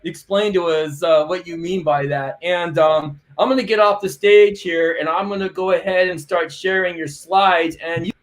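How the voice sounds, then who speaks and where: A man hosting an online tech conference, excitable and rambling, with lots of fillers between his words. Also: high voice, moderate pace, hardly any pauses. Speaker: conference host. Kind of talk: casual live-stream hosting.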